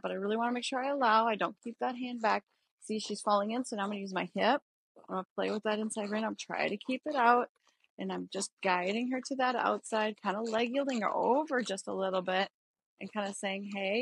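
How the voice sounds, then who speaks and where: A woman horse trainer talking through a riding lesson from the saddle, explaining each step in a relaxed way. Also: medium pitch, creaky, dry recording, rough recording. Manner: relaxed, explanatory, thinking aloud while riding. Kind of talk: riding lesson narration while mounted. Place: outdoors on horseback.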